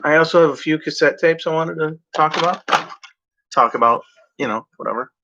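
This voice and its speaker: A man's voice: a little high, fairly quick, background noise. A man hosting his own video in casual talk to camera, rambling and hesitant, with many fillers and self-corrections. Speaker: video host. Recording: dull lo-fi sound.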